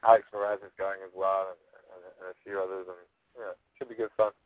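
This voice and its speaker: A man's voice: sits low, little pitch movement, quick pace, dry recording, low-quality recording. A man talking casually as an interview guest, rambling and joking, with frequent restarts and laughs. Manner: rambling, jokey, stammers and restarts. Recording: radio call-in.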